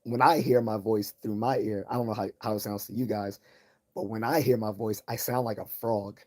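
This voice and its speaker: A man hosting a livestream, talking in a calm, low-key voice in a rambling, casual monologue full of restarts and tangents. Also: fairly quick. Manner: tangent-prone, many restarts and repeated words. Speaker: livestream host.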